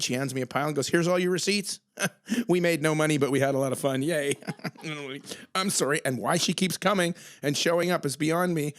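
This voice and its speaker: A chatty man hosting a relaxed conversation, talking in long rambling runs. His voice sits a bit high for a man, and he gushes with praise, acting out quick snippets of dialogue as he goes. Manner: effusive, rambling, acts out quoted voices. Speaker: podcast host. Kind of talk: casual chat.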